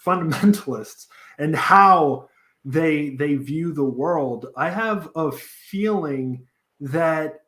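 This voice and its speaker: A man from Montreal talks slowly, and his voice sits a little high. He rambles and laughs as he goes, losing words along the way. His voice sounds echoey, as if recorded in a bare room. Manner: rambling, laughs while talking, loses words. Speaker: host. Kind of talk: casual chat.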